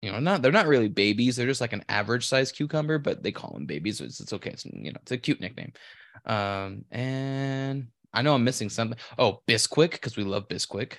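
A man's voice: medium pitch, lively intonation, a little fast, fairly bright tone, no room sound. A man in a mid-range voice winding through a long anecdote, swearing freely and poking fun at himself. His voice is close and dry on a podcast microphone, and he talks with loose, easy pacing. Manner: rambling storyteller, profane and self-deprecating. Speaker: podcast co-host. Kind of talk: casual chat.

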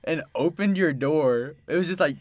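A man's voice: fairly high pitch, normal speed. A young man, a podcast guest, telling a story in playful casual chat and often laughing.

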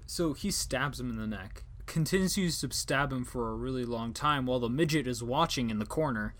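A man's voice: mid-range voice, moderate pace, a bit bright. A young man hosting a casual podcast chat, rambling and joking with casual swearing. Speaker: podcast host.

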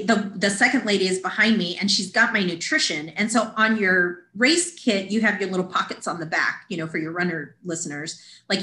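Woman, animated storyteller, podcast guest, echoey room. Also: mid-range voice. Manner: animated, acts out quoted voices. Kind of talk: casual storytelling. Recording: roomy echo.

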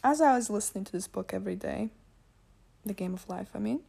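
Talking fast in a medium-pitched voice that's gravelly, mellow, and slightly rough, a weary podcast host muses casually on spiritual topics. English isn't her first language; she rambles, laughs a lot, and keeps correcting herself.

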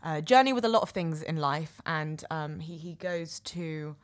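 A woman chatting casually on a podcast, recommending a film with enthusiasm and a lot of pauses and fillers. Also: deep voice. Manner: hesitant, many fillers and restarts, enthusiastic.

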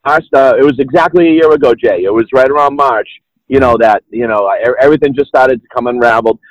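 A man's voice: mid-range voice, fast talker, no echo, lo-fi sound. A middle-aged man with a Boston accent, a guest telling his story in a casual chat, rambling, with plenty of restarts and "you know"s. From Boston area, New England. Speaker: podcast guest.

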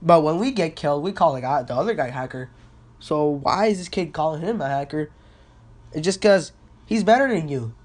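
A young podcast host ranting in a rambling, excitable and profane way, recorded on a phone with no microphone. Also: medium pitch, brisk. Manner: excitable, profane, storytelling with quotes. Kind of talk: rambling casual rant. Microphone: phone without a mic.

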